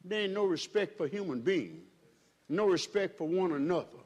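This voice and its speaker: Male pastor, fiery sermon delivery, swings between loud peaks and quiet stretches, slightly higher voice. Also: lively intonation, moderate pace. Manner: preaching with swells in pitch and volume, calls to the congregation.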